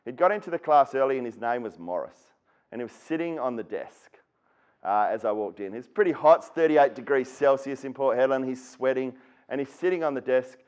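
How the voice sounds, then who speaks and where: A Western Australian man with an Australian accent tells a personal story at an education event, speaking earnestly and acting out the people he quotes. His mid-range voice is animated and brisk, a little mellow, with a clear, resonant tone.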